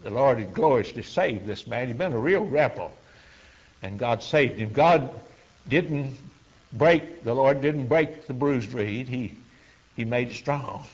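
A man preaching, telling a story in a folksy, halting way with frequent fillers. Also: mid-range voice, expressive, a little mellow. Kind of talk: sermon storytelling. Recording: dull lo-fi sermon recording.

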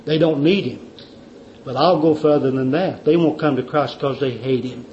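Brief: male preacher, high voice, emphatic and repetitive sermon delivery, dull lo-fi sound. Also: expressive, moderate pace, a little hiss or hum. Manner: emphatic, repetitive, drops to quiet intensity. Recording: dull lo-fi recording.

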